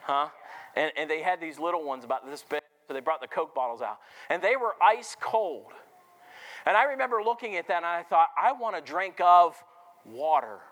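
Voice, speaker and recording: High-voiced preacher with a lively delivery. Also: male voice, a little fast. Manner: storytelling, asks the congregation questions. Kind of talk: sermon. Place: church before a congregation.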